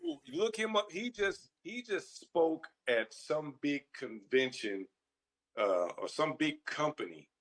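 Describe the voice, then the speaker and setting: A man's voice: a little high, expressive, measured pace, a bit bright. A man who once played pro football, talking casually on a radio show in an earnest, storytelling way. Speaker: former football player, co-host.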